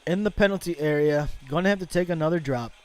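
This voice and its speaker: A man doing loud, joking live commentary on a golf match. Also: a little high, fast, background noise. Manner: loud, joking, mixes in Tagalog. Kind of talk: playful live sports commentary.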